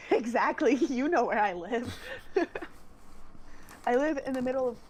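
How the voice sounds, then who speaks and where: A woman's voice: a little high, animated, darkish tone, a little hiss or hum. A young woman, a guest on a casual chat, talking in a chatty, giggly way. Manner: giggly, chatty, quick to laugh.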